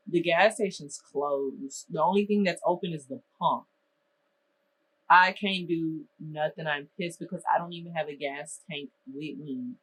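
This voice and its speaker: Animated young woman telling a story. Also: sits low, breathy edge, low-quality recording. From Minnesota. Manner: animated, exasperated storytelling with slang. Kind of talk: storytime vlog.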